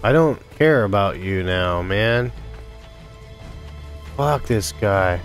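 A man's voice: on the low side, animated, takes it slowly, faint music behind. A man doing let's play commentary on a video game, frustrated and angry, swearing constantly. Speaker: gamer playing a video game.

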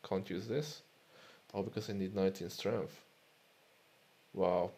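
A man's voice: low voice, steady tone, measured pace, creaky, dark tone. A man casually commenting while playing a game, muttering to himself and swearing often. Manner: muttering, swearing, self-amused. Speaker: let's play host.

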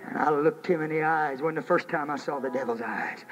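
A man preaching a sermon in a church, telling a story and then rising to shouted exhortation, in an archival 1980s recording. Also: on the high side, big pitch swings, brisk, hardly any pauses, poor audio.

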